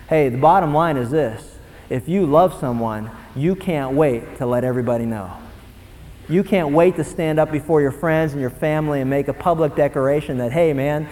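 A young man preaching a sermon, animated and swinging from low, quiet asides to loud, excited bursts. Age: young adult. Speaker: pastor. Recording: long hall reverb.

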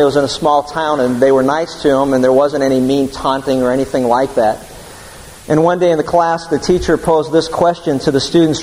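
A man's voice: fairly high pitch, darkish tone, big-room sound, poor audio. A man preaching a sermon, telling a story with voiced quotes in an earnest manner.

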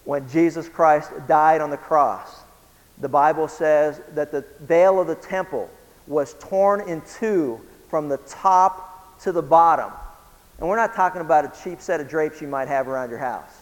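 A high-pitched male pastor delivering a sermon, punching some lines loudly and dropping others to a hush. He poses questions to his listeners and chuckles now and then. His voice trails off in the long reverb of a large hall. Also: a little slow. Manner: dramatic preaching, swings from loud emphasis to hushed.

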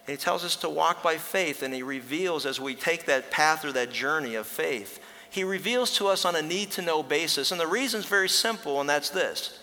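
Bright-voiced preacher man in a reverberant hall. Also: a little high. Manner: earnest preaching, slows for emphasis, rises to act out a story. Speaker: pastor. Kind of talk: sermon.

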